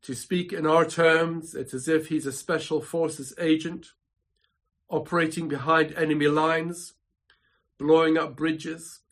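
A man preaching a sermon from his home study, measured and emphatic, building points through dramatic repetition. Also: on the high side, a bit bright. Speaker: pastor.

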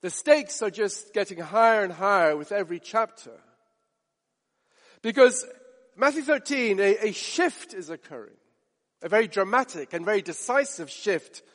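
A man's voice: high-pitched, animated, normal speed, a bit bright. A man preaching a sermon, emphatic, building his point with repetition and rhetorical questions. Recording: long reverb of a hall.

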